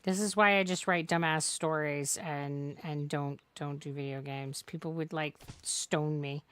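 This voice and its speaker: Bright-voiced woman rambling while gaming. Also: sits low, fairly even intonation, unhurried, clear, resonant tone. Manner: rambling, joking, profane. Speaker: game streamer. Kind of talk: casual gameplay commentary.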